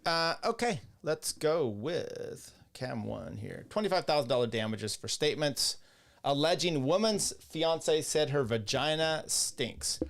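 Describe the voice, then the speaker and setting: A man's voice: a little high, lively intonation, measured pace, vocal fry, a bit bright. Male podcast host, casual livestream legal commentary, sarcastic asides between readings of rulings. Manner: reads court rulings aloud with sarcastic asides; casual, rambling, with fillers and restarts.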